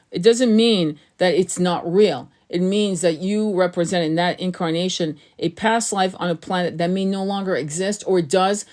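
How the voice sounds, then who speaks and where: A woman's voice: on the low side, darkish tone. A woman talking to her viewers as a spiritual coach and tarot reader, earnest and rambling, often repeating words as she restarts her sentences. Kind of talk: casual spiritual teaching monologue.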